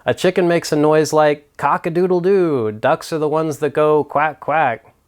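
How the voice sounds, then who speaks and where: An irritable young newlywed husband , as a man acts him out, argues with emphatic, exasperated stress in a fairly high male voice. He spells his point out with rising impatience in a spoken story. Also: steady tone, a little slow, smooth, lightly acted. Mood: insistent.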